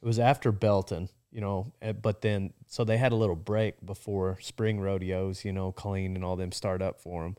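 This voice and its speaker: A man in casual conversation, relaxed and reflective, recalling a nervous phone call with a boss and using lots of "you know.". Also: low voice, moderate pace, few pauses, clean tone. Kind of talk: casual chat.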